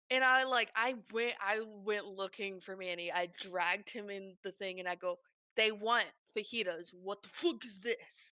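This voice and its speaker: A woman streamer telling work stories in casual chat, animated and swearing freely. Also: mid-range voice, normal speed, no room sound, clean studio sound.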